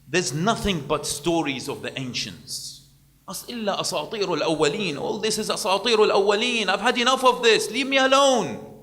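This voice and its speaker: A preacher acting out a defiant young man, voice pushed up high and sharp with impatience. He sounds exasperated and dismissive, ringing through a reverberant hall. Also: animated, racing. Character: defiant young man rejecting his parents' faith.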